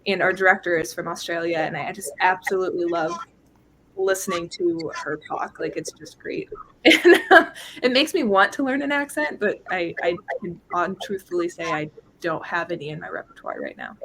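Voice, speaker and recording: A woman's voice: lowish voice, very animated, normal speed, a bit bright, slight background noise. A woman who sings in a choir, chatting in a bubbly, laughing way on a panel. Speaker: choir singer and panel guest. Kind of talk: casual panel chat.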